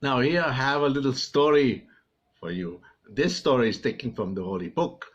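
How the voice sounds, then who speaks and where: A man's voice: medium pitch, moderate pace, highs cut off. Older man telling children's Bible stories. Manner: animated, acts out the characters. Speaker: storyteller for children.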